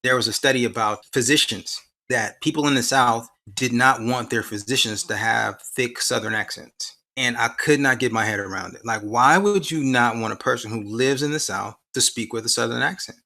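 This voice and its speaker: Interviewed about his work in science education research, this man speaks at a moderate pace with a mid-pitched voice that is creaky yet pushed and bright, barely pausing. He lays out ideas at length, stressing points and frequently asking rhetorical questions.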